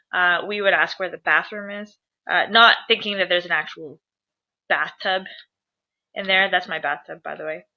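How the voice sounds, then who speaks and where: A woman's voice: medium pitch, pushed and bright. A woman teacher explaining grammar to viewers at home in a chatty, upbeat way, asking them questions as she goes. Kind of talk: grammar lesson to camera. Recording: dull lo-fi sound.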